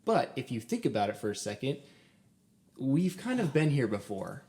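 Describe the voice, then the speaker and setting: A man's voice: medium pitch, very animated, normal speed, a little mellow. A young man co-hosting a casual podcast about a film. He talks eagerly with many "um"s and laughs often. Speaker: podcast co-host.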